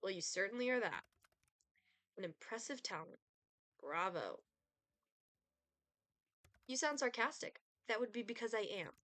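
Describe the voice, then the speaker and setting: A woman voicing a cold, sardonic male Grim Reaper in a dating game, speaking in a dry, disdainful, deadpan way. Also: a little high, unhurried, pauses often, no room sound.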